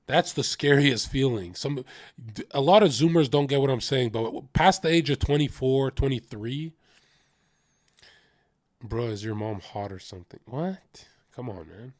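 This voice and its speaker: A man in his twenties talks straight to his stream chat in a blunt, confessional way and swears freely. His voice sits at a medium pitch. The sound is dry and close, with almost no room echo. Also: measured pace. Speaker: livestreamer. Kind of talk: casual livestream rant.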